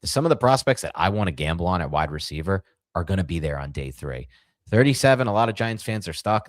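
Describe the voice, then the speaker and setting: Deep-voiced man in rambling sports chat. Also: quick pace, no room sound. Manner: animated, rambling, jokey asides. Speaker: podcast co-host.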